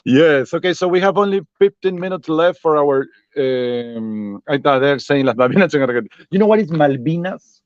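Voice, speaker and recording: A man's voice: fairly high pitch, animated, a little fast, dry recording, highs cut off. Man hosting a chatty live stream. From Peru. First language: Spanish. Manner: chatty, laughs often, mixes English and Spanish. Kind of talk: casual live-stream chat.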